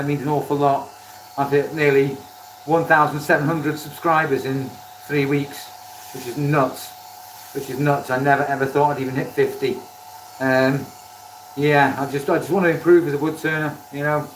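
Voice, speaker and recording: A fairly high-voiced man chats away on a live stream, self-deprecating and friendly with his viewers. He sounds set back from the mic in a roomy, echoey workshop, with a faint hum of ambience behind him. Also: a bit bright, far from the mic. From Wales. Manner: chatty, self-deprecating, thanks viewers by name. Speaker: woodturning livestreamer. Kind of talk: casual live-stream chat while working. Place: home workshop.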